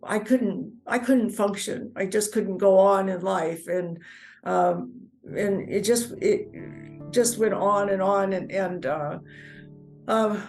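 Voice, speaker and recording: A woman telling her personal life story in earnest, halting speech, often repeating words as she goes. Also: mid-range voice, a little mellow, soft background music, poor audio. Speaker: near-death experience storyteller. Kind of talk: personal testimony.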